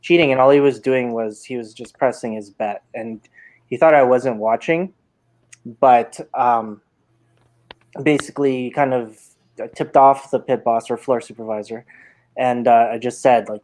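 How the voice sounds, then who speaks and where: Man, casino dealer guest, hesitant and halting. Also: medium pitch, a little mellow. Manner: hesitant, full of fillers. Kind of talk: casual storytelling on a live stream.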